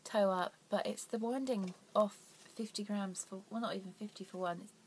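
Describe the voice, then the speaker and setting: A woman's voice: medium pitch, fairly even intonation, normal speed, slight background noise. A young woman hosting a casual knitting vlog, rambling and self-deprecating, with her voice dropping to near whispers at times. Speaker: knitting podcast host.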